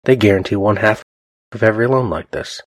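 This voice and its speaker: A man's voice: lowish voice, a little fast, no room sound, lightly acted. A man voicing a stubborn male bank manager, a veteran, who speaks firmly and defiantly. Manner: firm, defiant.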